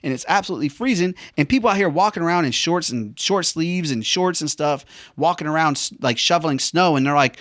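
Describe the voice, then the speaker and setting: A man's voice: fairly high pitch, brisk, hardly any pauses, a bit bright, no echo, clean studio sound. A man, a veteran and former helicopter pilot, rambling casually with slangy jokes. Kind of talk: casual monologue.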